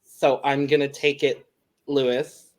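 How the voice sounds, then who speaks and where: A man's voice: medium pitch, little pitch movement, a little slow. A man co-hosting a podcast in casual chat, laughing often and wrapping up the episode. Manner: chatty, laughs often, wraps up the show. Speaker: podcast co-host.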